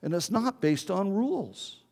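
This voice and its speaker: A man's voice: sits high, very animated, a little slow, creaky, a little mellow. An older man, a pastor telling a story in a sermon and pleading earnestly with his congregation. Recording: long hall reverb.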